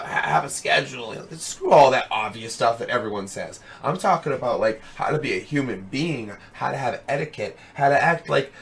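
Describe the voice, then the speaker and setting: Young guy streaming w a hoarse voice, losing it, rambly, lots of dude and bro, headset mic. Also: medium pitch, fairly bright tone. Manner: rambling, fillers of "you know what I mean"; chummy, calls viewers dude and brother. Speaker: streamer hosting a web show. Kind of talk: casual live-stream chat.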